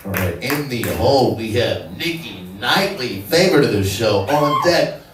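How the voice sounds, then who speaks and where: A man hosting a comedy show, introducing comics in a loose, profane way and telling a quick joke of his own. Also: mid-range voice, animated, echoey room, recorded from a distance, heavy background noise. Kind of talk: emceeing and stand-up. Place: comedy club stage. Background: audience.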